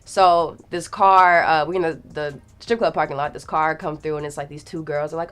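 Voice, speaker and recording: This young woman's voice sits low and sounds clear and resonant, moving at a moderate pace with few pauses. She's a guest storyteller, casual and slangy, who brings the quotes to life with big jumps in her voice.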